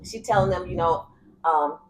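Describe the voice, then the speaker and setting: A woman co-hosting a comedic TV recap, telling the story in a joking, animated way. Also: on the low side, moderate pace, a little hiss or hum. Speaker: co-host.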